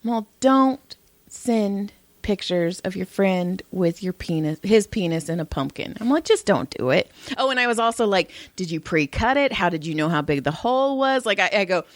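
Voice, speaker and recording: A woman's voice: mid-range voice, moderate pace, no echo. A woman in her thirties co-hosting a podcast, telling a story with lots of swearing and laughter. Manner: profane, animated storytelling, laughing. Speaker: podcast co-host. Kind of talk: casual chat.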